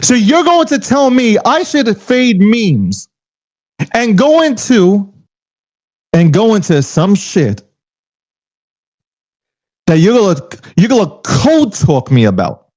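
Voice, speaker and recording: A man's voice: high-pitched, big pitch swings, slow pace, pauses often, darkish tone. A man talking crypto in a heated, profane, casual rant, firing off emphatic rhetorical questions. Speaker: crypto commentator. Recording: dull lo-fi audio.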